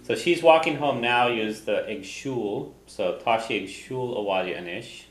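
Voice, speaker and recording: A man teaching a language class, patiently drilling phrases slowly so students can repeat them. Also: mid-range voice, reverberant, rough recording.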